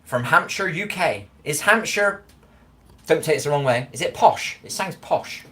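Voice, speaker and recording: A man's voice: a little high, animated, measured pace, sharp tone, poor audio. A man, chatting casually with viewers on a live stream, bantering and swearing now and then. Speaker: livestreamer reading chat.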